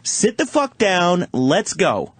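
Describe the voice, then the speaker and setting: A male radio host riffs in loose, profane studio banter, animated and mocking. His voice sits a little high for a man, and the studio mic sounds close and dry with no room in it. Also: takes it slowly, breathy edge, no echo. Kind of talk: casual crude studio banter. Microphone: studio microphone.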